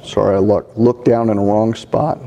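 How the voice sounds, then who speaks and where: A man preaching a sermon as pastor, in a measured delivery that builds to an impassioned, rousing pitch. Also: flat delivery, creaky, mellow, big-room sound, slight background noise.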